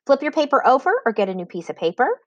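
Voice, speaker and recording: A woman reading teacher giving a recorded spelling lesson for children, dictating words slowly and clearly with example sentences. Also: high-pitched, very animated, no room sound, muffled recording.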